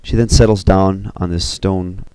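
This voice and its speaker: A man casually pitching a film story scene by scene, loose and rambling with many fillers. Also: fairly even intonation, measured pace, darkish tone, clean tone, no echo. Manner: loose and rambling, full of 'you know' and 'kinda'.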